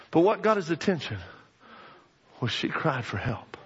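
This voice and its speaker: A man preaching a sermon, telling a story in an animated way with bursts of shouting. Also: sits high, unhurried. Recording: echoey hall, dull lo-fi sound.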